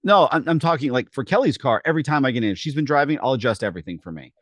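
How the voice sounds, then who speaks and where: A man's voice: mid-range voice, very fast, dry recording. A man co-hosting a fitness podcast, telling stories in a casual chat and acting out the quotes with animation. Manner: animated storyteller, acts out quotes. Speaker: podcast co-host.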